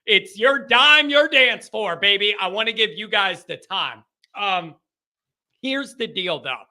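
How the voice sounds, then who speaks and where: A man hosting a call-in sports radio show, talking in an energetic and animated way. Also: high voice, a little slow. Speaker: sports talk show host.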